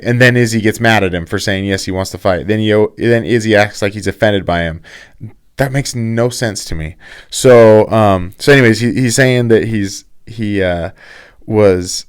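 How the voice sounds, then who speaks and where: Man, host, low pitch, smooth voice, rambling casual commentary. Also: normal speed. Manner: rambling, frequent restarts and fillers.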